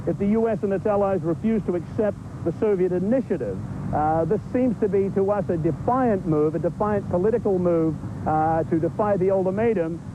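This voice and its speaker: Brief: male correspondent, high voice, measured report over a tinny line. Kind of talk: live news report. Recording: tinny noisy phone line.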